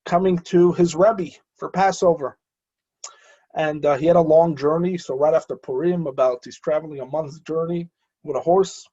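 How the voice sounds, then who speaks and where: A rabbi telling a story in an animated way, pausing often with fillers and restarts, and acting out the voices of the people in it. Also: male voice, a little high, muffled recording. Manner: hesitant with frequent fillers and restarts. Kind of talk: storytelling talk.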